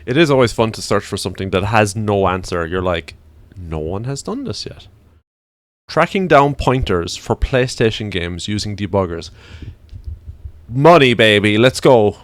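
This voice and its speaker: Aussie guy on a livestream, lowish voice, rambly, grumbles at his browser. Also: animated, normal speed, no echo. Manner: rambling, ranting to himself while browsing. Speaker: streamer. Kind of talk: casual livestream chatter.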